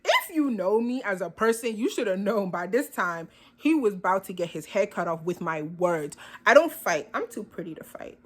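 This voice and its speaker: A woman's voice: mid-range voice, lively intonation, moderate pace, hardly any pauses, a little hiss or hum. A young woman vlogger telling a storytime in a sassy, dramatic way, acting out both sides of the conversation.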